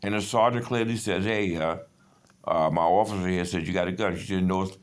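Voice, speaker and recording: A low-pitched, brisk-talking man in his fifties rants through a personal monologue. His storytelling wanders, heated and laced with profanity.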